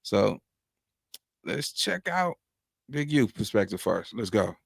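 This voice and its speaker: Very animated yet slow-paced, a man hosts casual reaction commentary in a husky voice with vocal fry, recorded dry at studio quality. His loose street talk is packed with "you know what I'm saying," and he preaches and rambles, his pitch wandering from high to low.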